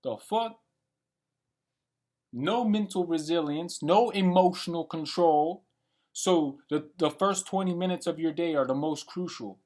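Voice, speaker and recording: A man's voice: a little high, measured pace, darkish tone. A man in his late twenties giving a blunt, profane and rambling monologue for his vlog. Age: late 20s. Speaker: vlogger. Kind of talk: unscripted rant monologue.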